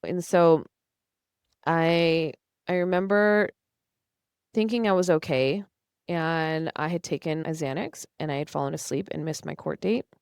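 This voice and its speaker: As a podcast guest in the studio, a young woman recounts her own story earnestly and emotionally, performing past conversations. Her low voice is unhurried, creaky and a little mellow, recorded clean, close and dry with no room around it and no echo.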